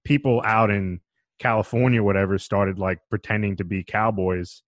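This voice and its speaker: A man's voice: on the low side, fairly even intonation, normal speed, no echo. A man from Alabama co-hosting a podcast, talking in a rambling, laid-back way. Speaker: podcast co-host. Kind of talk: casual chat.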